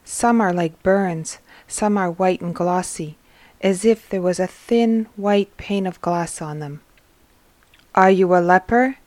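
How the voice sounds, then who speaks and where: A woman's voice: fairly low pitch, slow pace, dark tone, no echo. A woman hosting a religious teaching episode, reading a book aloud and stopping to explain what it means in an earnest tone. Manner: earnest, explains as she reads. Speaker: host and reader.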